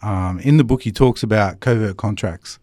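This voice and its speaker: A man's voice: lowish voice, normal speed, warm tone, dry recording, clean studio sound. A man hosting a casual podcast conversation, blunt and swearing, who acts out other people's voices.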